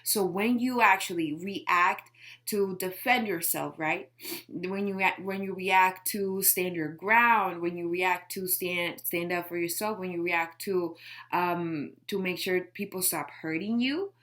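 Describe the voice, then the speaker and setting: A woman's voice: on the low side, measured pace, a bit bright. A woman life coach giving a casual motivational talk to camera, emphatic and full of rhetorical questions. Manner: emphatic, peppers speech with rhetorical questions and "right?".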